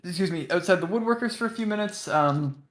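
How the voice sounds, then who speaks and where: A young man runs a tabletop game as game master, his voice a touch higher than most men's. He rambles through his descriptions, full of filler words and restarts. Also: animated, fairly quick.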